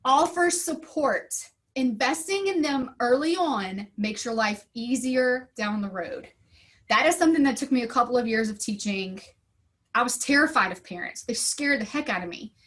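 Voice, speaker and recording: This is a woman teacher in her thirties presenting to other teachers. Her voice sits somewhat high. She tells classroom stories in an upbeat, storytelling way and slips into lively voices when she quotes people. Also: moderate pace. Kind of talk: conference talk.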